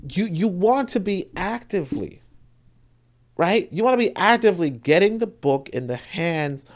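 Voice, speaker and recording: A man hosting his own show, giving loose commentary as he reads from a shared screen. He swings between low muttering and loud, emphatic bursts, with frequent restarts and repeated words. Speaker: host. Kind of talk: livestream commentary while reading from a shared screen.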